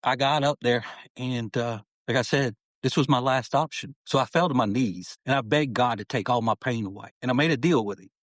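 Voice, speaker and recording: A man's voice: medium pitch, fairly quick, few pauses, dry recording. A middle-aged man telling his life story as a podcast guest, earnest and heartfelt, often saying "man" as he talks. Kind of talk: personal storytelling in an interview.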